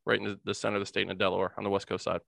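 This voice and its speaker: A man's voice: fairly low pitch, monotone, racing, creaky, a bit bright, dry recording, clean studio sound. A man from New Jersey talking as a podcast guest in an upbeat, emphatic way. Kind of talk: casual podcast chat.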